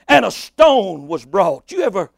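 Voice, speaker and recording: A man preaching a sermon, building from steady reading to impassioned shouts and cries. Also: sits high, measured pace, creaky, no echo.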